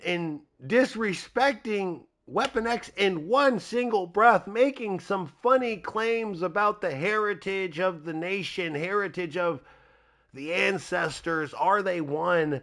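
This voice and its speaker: A man's voice: sits high, slow pace, a bit bright. A man hosting a live wrestling video game show, commentating in a hyped, rambling way. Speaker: host.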